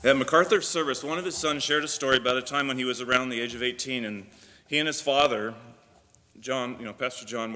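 A man's voice: medium pitch, pushed and bright. A man pastor giving a sermon, praying and then preaching earnestly with frequent fillers. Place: church sanctuary. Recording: long reverb of a church hall.

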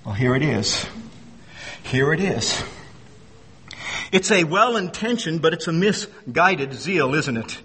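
High bright-voiced pastor guy preaching, kinda husky, big echoey church hall. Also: expressive, unhurried. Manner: emphatic, repeats phrases, acts out quoted voices. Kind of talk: sermon.

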